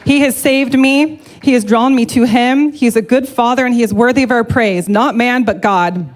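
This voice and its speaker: A woman's voice: on the high side, steady tone, brisk. A woman giving a heartfelt, emotional personal testimony to a church congregation, speaking openly and earnestly.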